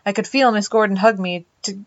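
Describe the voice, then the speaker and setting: A woman's voice: medium pitch, fairly quick, no room sound, lo-fi sound. A woman reading a visual novel aloud as host, casual and swearing freely in her asides. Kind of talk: reading game narration aloud with joking asides.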